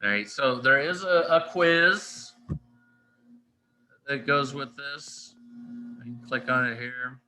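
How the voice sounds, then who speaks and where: Man, classroom teacher. Very bright, sharp tone, mid pitch, easygoing lecture. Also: takes it slowly, long pauses, slight background noise, poor audio. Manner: conversational, checks in often with "all right" and "right?".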